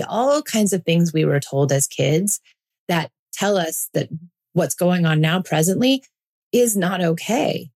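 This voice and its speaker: A woman in her forties speaks in a slightly low voice as a podcast host. She is earnest and reassuring and drives her points home by repeating them. The talk is a calm monologue. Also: a little slow. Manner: earnest, reassuring, emphatic repetition.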